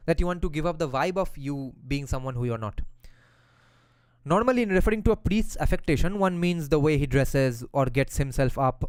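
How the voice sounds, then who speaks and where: Smooth-voiced man explaining a text. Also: on the high side, no echo. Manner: casual explanatory, with slang and profanity. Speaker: lecturer explaining a philosophy text. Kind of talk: reading passages aloud and explaining them.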